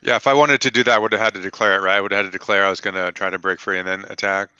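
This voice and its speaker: A man's voice: lowish voice, steady tone, racing, sharp tone, smooth, no echo, muffled recording. A man playing in a tabletop game over voice chat, talking through his moves carefully. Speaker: player.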